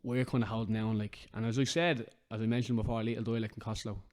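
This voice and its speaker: A man's voice: on the low side, level tone, fast talker, darkish tone. An Irish man hosting a casual podcast chat, talking earnestly and emphatically and repeating his points for stress. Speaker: podcast host.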